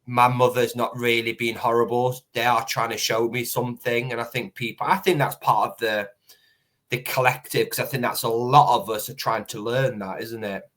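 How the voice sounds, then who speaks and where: A man's voice: mid-range voice, flat delivery, moderate pace, fairly bright tone. A man hosting a casual podcast conversation. He speaks reflectively, hedging and restarting as he works through his thoughts. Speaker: podcast host.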